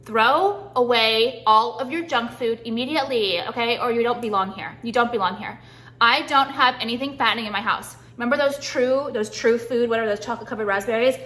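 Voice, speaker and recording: A woman's voice: fairly high pitch, brisk, pushed and bright. A young woman vlogging from her home kitchen in a profane, rambling comedic rant, full of fillers and insults. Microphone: phone or camera set on counter, moving.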